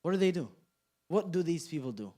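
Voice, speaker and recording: A man's voice: on the high side, a little fast. A young man leads an evening class with a slightly raised voice. He talks loosely and jokes a lot. He keeps tossing questions out to the room. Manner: animated, joking, questions the room. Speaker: class instructor. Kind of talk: interactive class talk. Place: community center classroom.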